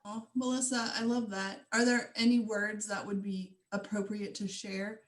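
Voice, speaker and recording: A woman hosting a group video call, speaking gently and encouragingly to grieving participants. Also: medium pitch, little pitch movement, normal speed. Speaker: host. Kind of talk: warm group video chat. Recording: echoey room on video call.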